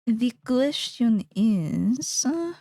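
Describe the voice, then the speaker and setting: A woman's voice: fairly high pitch, very animated, extremely slow, mellow, dry recording, studio quality. A young woman streamer chatting casually while she draws, rambling playfully and thinking aloud.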